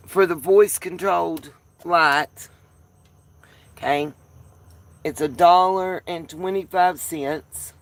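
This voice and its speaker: Southern woman, livestream host, folksy and chatty, unhurried delivery. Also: on the low side. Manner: chatty, folksy, calls viewers y'all. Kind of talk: casual live chat with viewers.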